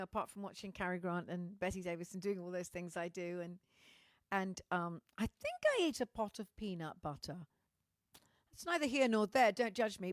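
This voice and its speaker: A middle-aged Welsh woman talks straight to her livestream viewers in a candid, rambling way, with a mid-pitched voice. She swears now and then and often restarts her sentences. The sound is dry and close, with no room echo. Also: a bit bright. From Wales. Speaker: musician hosting a livestream. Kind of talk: casual chat to live viewers.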